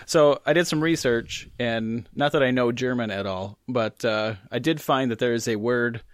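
A man's voice: mid-range voice, moderate pace, dry recording, studio quality. A man co-hosting a casual podcast chat, rambling and joking as he corrects himself. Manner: rambling, self-correcting, jokey. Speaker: podcast co-host.

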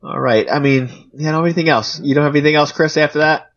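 A man's voice: on the high side, fairly even intonation, quick pace, fairly bright tone, dull audio. A man hosting a podcast in casual, joking chat. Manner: joking, chatty, with restarts. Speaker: podcast host.

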